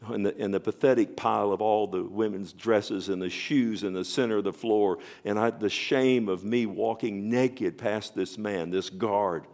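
Gravelly low-voiced male preacher. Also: moderate pace, hardly any pauses. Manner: dramatic, swinging between loud and hushed; addresses listeners directly with questions. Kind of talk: sermon storytelling.

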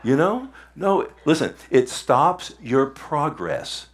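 A man's voice: a little high, very animated, slow. A man preaching a sermon in a conversational way, asking the congregation questions and repeating words for emphasis. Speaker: pastor.

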